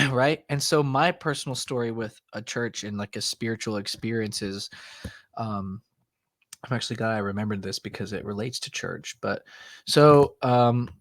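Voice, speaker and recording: Young man telling an animated story. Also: on the low side, normal speed, no room sound. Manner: animated, acts out voices in quotes, many "like" fillers. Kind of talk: casual podcast storytelling.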